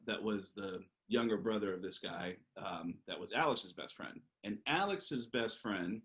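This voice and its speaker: A man, a comedian guest, telling a long, animated anecdote with lots of fillers. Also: fairly low pitch, low-quality recording. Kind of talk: storytelling on a podcast.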